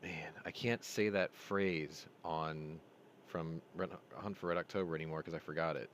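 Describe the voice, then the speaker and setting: A man's voice: extremely low pitch, steady tone, moderate pace, slight background noise. A man hosting a casual stream, rambling through stories and laughing at his own jokes. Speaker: host. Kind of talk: casual live-stream chat.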